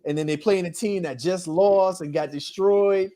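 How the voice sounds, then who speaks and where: A man's voice: high-pitched, normal speed, mellow. A man co-hosting a sports podcast, chatting casually about football picks, rambling with frequent restarts. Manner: rambling, restarts often, trails off with ums. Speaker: podcast co-host.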